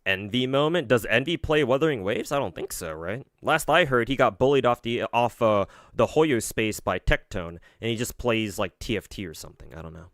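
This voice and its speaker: Male streamer, sarcastic and profane reaction commentary, lively pitch, dry sound. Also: a little fast, hardly any pauses, dry recording.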